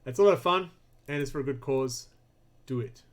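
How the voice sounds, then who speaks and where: A man hosting a casual hobby podcast, chatty and loud, laughing often. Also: mid-range voice, brisk. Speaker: podcast host. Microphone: desk mic while streaming.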